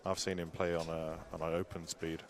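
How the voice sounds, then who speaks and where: A man doing live pool commentary in a chatty way, with dry asides and a habit of trailing off softly. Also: low voice, level tone, a little fast. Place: pool hall. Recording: live venue with crowd noise. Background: crowd chatter.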